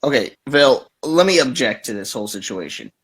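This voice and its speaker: A man's voice: mid-range voice, animated, fairly quick, fairly bright tone, husky. A man with a mid-range voice presses another guest with direct questions. His delivery is blunt and insistent. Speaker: panel participant.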